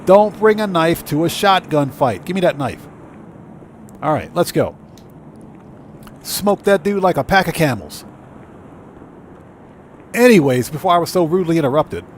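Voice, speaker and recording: A man hosting a live gameplay stream, trash-talking rival players and giving loud shout-outs to chat members. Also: fairly high pitch, very animated, normal speed, long pauses, slight background noise. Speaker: livestream host.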